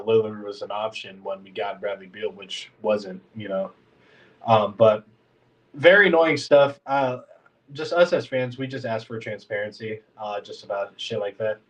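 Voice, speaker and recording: A man's voice: lowish voice, distant mic, rough recording. Congested man rambling on a podcast. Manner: rambling, filler-heavy, frustrated fan. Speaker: podcast host. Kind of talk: casual sports podcast talk.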